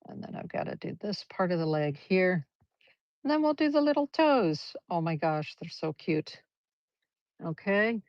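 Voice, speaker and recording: With a lowish voice, wide pitch swings, and a measured pace, an art teacher demonstrates brush painting live. She's chatty and encouraging, narrating every stroke, over dull, lo-fi livestream audio with no echo.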